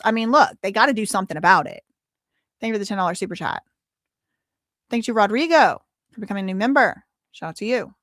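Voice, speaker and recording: A woman's voice: medium pitch, animated, fast talker, long pauses, fairly bright tone, no echo, clean studio sound. A woman hosting a casual livestream, chatting and reading viewer messages and documents aloud. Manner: chatty, reads super chats and documents aloud, exclamatory. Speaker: livestream host.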